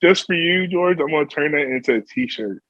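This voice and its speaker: A man's voice: on the high side, a little fast, a bit bright, dull audio. A man talking as a podcast guest in casual chat, joking and laughing easily. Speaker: podcast guest, competitive powerlifter.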